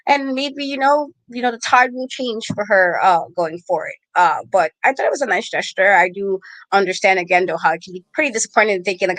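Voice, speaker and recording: A woman's voice: mid-range voice, animated, fast, a bit bright, dry recording. A woman co-hosting a podcast, talking through wrestling storylines in a rambling, thinking-aloud way with lots of fillers. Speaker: podcast co-host. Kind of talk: casual wrestling discussion.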